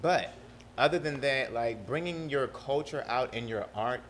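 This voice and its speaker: A young man with a South Carolina accent talks casually as an interview guest. His voice is bright and forceful, and his storytelling is animated, with frequent laughter. Faint noise sits under the recording. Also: mid-range voice, a little slow. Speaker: producer and guest.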